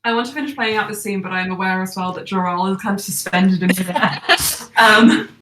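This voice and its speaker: A woman narrating as game master of an online tabletop game, chatty and rambling, with a slightly hoarse throat. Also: mid-range voice, brisk, roomy sound, noisy background. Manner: chatty and rambling, lots of fillers, laughs easily.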